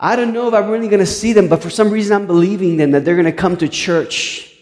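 A man's voice: sits high, fast talker, a little mellow, long reverb tail. A male pastor telling a story in a sermon, earnest, with frequent stumbling restarts.

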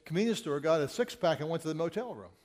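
A man voicing a tough former Marine who speaks bluntly and haltingly as he turns back to faith. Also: fairly high pitch, lively intonation, darkish tone, in a large hall, natural voice. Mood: earnest.

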